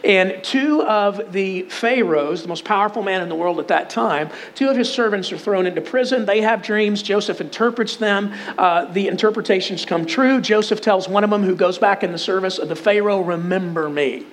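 A man with a Texan drawl preaches, his voice sitting high for a man. He retells scripture in a loose, conversational way, with asides and humor. A faint hum of the room sits underneath. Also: normal speed, hardly any pauses. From Texas. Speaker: pastor. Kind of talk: sermon.

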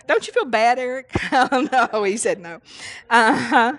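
Woman preacher, fairly high voice, rambling folksy sermon with lots of hallelujahs. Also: animated, measured pace, a bit bright. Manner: rambling, folksy, laughs often, many hallelujahs. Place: church service.

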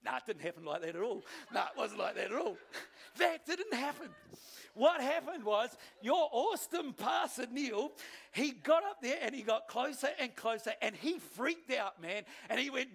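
Male pastor, high-pitched voice, lively storytelling sermon, jokes at his own expense. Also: normal speed, gravelly, slightly rough. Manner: animated storytelling with self-deprecating humor.

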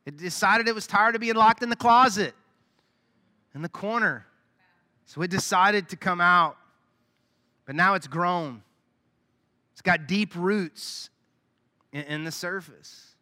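A man preaching a sermon as pastor, talking to the congregation in a loose, conversational way and often dropping to quiet asides. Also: high-pitched, measured pace, long pauses, big-room sound. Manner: conversational preaching with sudden drops to soft asides.

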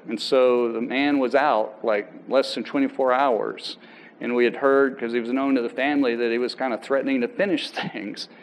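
A man, a pastor, giving a sermon and telling a personal story in a conversational way, with halting restarts and voices for people he quotes. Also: mid-range voice, slight background noise, poor audio.

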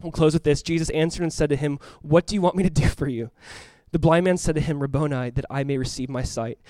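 Male pastor, high-ish voice, rapid animated sermon delivery, plays out the characters' lines, dry close-miked sound. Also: dry recording. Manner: animated, acts out voices of the crowd and the blind man; swings from loud cries to hushed earnest tones.

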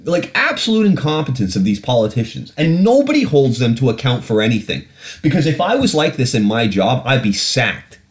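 A man's voice: mid-range voice, big pitch swings, a little fast. A British man hosting a podcast, ranting bluntly and profanely about politics. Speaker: podcast host. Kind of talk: casual ranting commentary.

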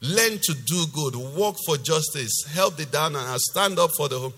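A male pastor preaching a sermon, reading scripture loudly with force and then explaining it in a lower, conversational voice. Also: lively intonation, moderate pace, soft background music. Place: church hall. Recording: long reverb of a church hall.

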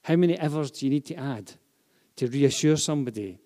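A man preaching a sermon to a congregation, swinging from hushed, intimate phrases to loud, repeated emphasis. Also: mid-range voice, expressive, a little fast. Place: church hall with a live and online congregation. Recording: long reverb of a large hall.

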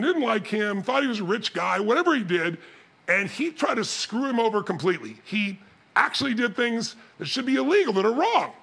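Man, motivational speaker, high voice, husky, lively shouting storyteller. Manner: animated storytelling, shouting and mimicking others. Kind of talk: live seminar talk.

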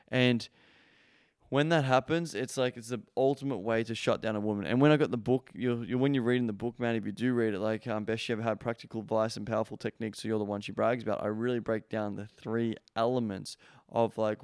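A man's voice: on the low side, steady tone, fast, darkish tone, clean tone, no room sound, clean studio sound. A young adult man hosting a podcast, giving casual advice in a blunt, profane way with lots of fillers. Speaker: podcast host.

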